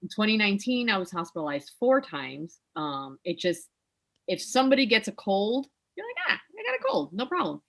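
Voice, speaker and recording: A woman guest on a podcast, casually telling her story with animated, emotional delivery. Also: medium pitch, fairly quick, gravelly.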